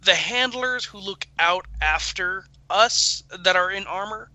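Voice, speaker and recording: A man with a high, very bright voice speaks earnestly as a panelist on a casual podcast. He often trips over his words and starts again. The sound is dry, with no room echo. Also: unhurried.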